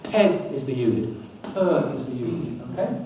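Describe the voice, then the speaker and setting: Energetic man speaking in an echoey hall. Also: mid-range voice, moderate pace, recorded from a distance. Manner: energetic, coaxing the audience, wry asides. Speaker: dyslexia trainer giving a talk. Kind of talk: lively public talk with audience activities. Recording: echoey hall, speaker off-mic, faint room hum.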